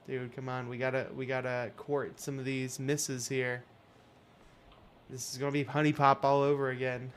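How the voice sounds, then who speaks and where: A man's voice: mid-range voice, flat delivery, measured pace, long pauses, a little hiss or hum. A man streaming a game, chatting casually, laughing often and reading on-screen text aloud. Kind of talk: casual gameplay commentary.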